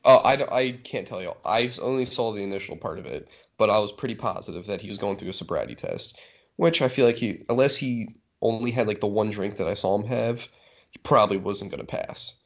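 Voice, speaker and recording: A man's voice: fairly low pitch, lively intonation, brisk. A young man chatting casually in a laid-back, self-deprecating way, saying "like" often. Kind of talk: casual chat. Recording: muffled lo-fi sound.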